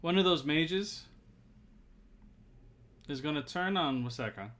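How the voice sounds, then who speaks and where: Relaxed man running a tabletop game. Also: fairly high pitch, takes it slowly. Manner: relaxed, chatty rules calls with fillers. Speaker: game master.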